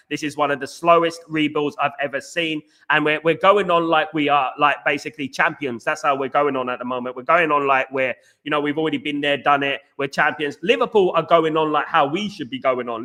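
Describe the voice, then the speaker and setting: A young man hosting a live chat show, talking fast with lots of fillers and repeats, reading out viewer comments. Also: a little high. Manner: rapid, animated, repeats himself, lots of fillers. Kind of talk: casual live-stream chat.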